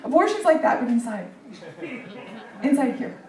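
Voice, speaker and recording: A young woman from Texas doing a sarcastic, deadpan stand-up set at a comedy club, with plenty of ums and likes. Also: high-pitched, normal speed, very noisy. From Dallas, Texas. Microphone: handheld stage mic. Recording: echoey room from far off.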